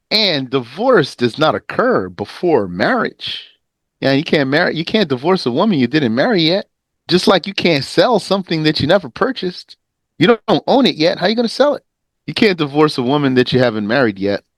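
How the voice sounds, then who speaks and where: A man teaching a lesson on a legal text, reading passages briskly, translating them slowly and quizzing his students in a conversational manner. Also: on the high side, dry recording. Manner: lively, explanatory, conversational. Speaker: teacher of Islamic law.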